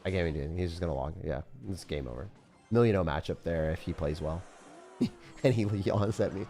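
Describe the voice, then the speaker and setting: A young man giving live gameplay commentary as a YouTuber, excitable and dramatic, swinging between outbursts and self-pity. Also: low voice, fast talker, soft background music. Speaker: gaming YouTuber.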